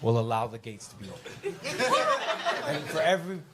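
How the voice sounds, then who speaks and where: A man's voice: medium pitch, sing-song, moderate pace, a crowd in the background. A man doing a stand-up comedy set, telling crude stories brashly and putting on voices for the people in them. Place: comedy club stage with live audience.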